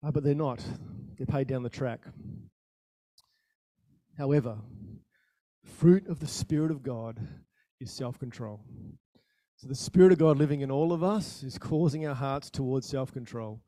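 A man preaching a sermon in a conversational style, asking the listeners questions and telling stories with sudden bursts of loudness. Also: mid-range voice, measured pace, dry recording, studio quality. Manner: animated storytelling with sudden rises in volume. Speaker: pastor.

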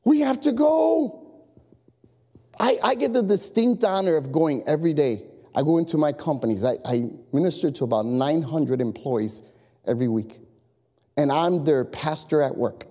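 Animated pastor preaching in a big echoing hall. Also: male voice, on the high side, moderate pace. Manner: animated, repetitive exhortation with asides. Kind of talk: sermon. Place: church sanctuary. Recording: long echo of a large hall.

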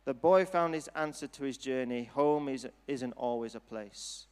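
A man preaching a sermon and altar call in a church hall, speaking in an earnest, gentle, unhurried way. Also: mid-range voice, smooth. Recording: long hall reverb.

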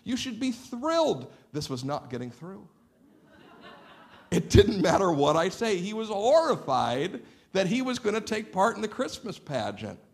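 A middle-aged man preaching a sermon in a church sanctuary, a lively and playful storyteller who acts out the dialogue in his anecdotes. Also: sits high, unhurried, creaky. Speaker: pastor.

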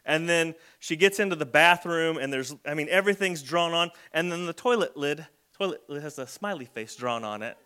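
A man's voice: a little high, animated, brisk, few pauses, sharp tone, clear, resonant tone. A man preaching a conversational sermon as a pastor, telling everyday stories. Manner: conversational storytelling with acted kid voices.

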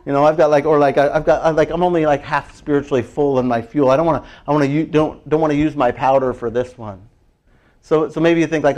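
A man preaching a casual, animated sermon, chatty and laughing often as he acts out little prayers. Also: on the high side, quick pace. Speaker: pastor.

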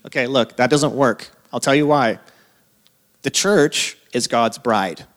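A man in his thirties who is a pastor, preaching a sermon in a casual, conversational way, full of asides and quick laughs. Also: medium pitch, lively intonation. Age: 30s.

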